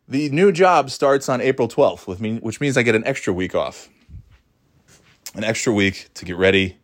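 Low-voiced man rambling through a story. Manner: rambling, many restarts, laughs at his own story, swears freely. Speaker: podcast host. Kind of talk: casual storytelling chat.

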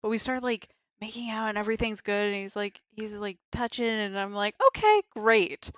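A woman's voice: medium pitch, lively intonation, moderate pace, a bit bright, no room sound. A young woman casually telling a frank, laughing story on a podcast, swearing freely and acting out her own reactions. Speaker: guest.

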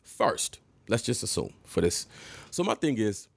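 A man in his thirties casually telling an animated story to camera, laughing and jumping high when he quotes himself. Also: measured pace, vocal fry, slightly rough, no room sound. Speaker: vlogger.

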